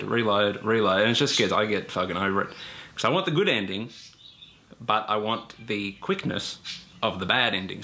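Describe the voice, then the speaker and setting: Bright-voiced, blunt, profane male gamer. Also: fairly low pitch. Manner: rambling with fillers and self-corrections. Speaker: gaming YouTuber. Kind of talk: casual opinion rant to camera.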